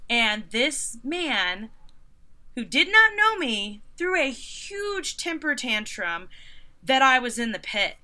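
A woman in her thirties tells stories from her work as a concert photographer in a relaxed interview. Her voice is bright and sits fairly high, and she slips into sarcastic, mocking voices when she quotes people. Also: slow pace. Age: 30s. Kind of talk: casual interview storytelling.

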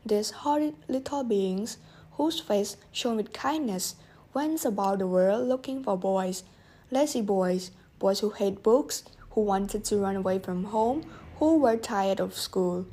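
A woman narrating a children's storybook, gently addressing the young listeners directly. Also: mid-range voice, unhurried, breathy edge.

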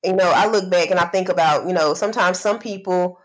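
Low-voiced woman, reflective podcast chat. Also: brisk, low-quality recording. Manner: reflective, talks in long winding run-ons with many "you know"s. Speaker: podcast co-host. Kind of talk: casual podcast conversation.

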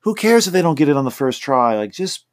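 A man's voice: a little high, sing-song, fast. A man hosting a podcast, talking in a loose, rambling way full of restarts. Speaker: podcast host. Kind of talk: casual rambling monologue. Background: faint guitar he plays himself.

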